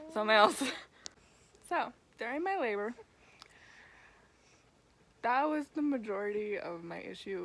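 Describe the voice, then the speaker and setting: A woman's voice: mid-range voice, slight background noise. A young woman talking to her camera in a candid personal vlog, frank, blunt and casual, with mild swearing. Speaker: vlogger.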